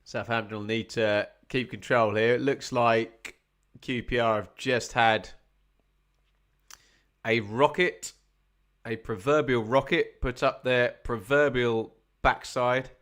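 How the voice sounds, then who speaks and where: A man's voice: medium pitch, slow. A man doing chatty live commentary on a football match for a watch-along stream. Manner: chatty, wry asides, gets excited at chances.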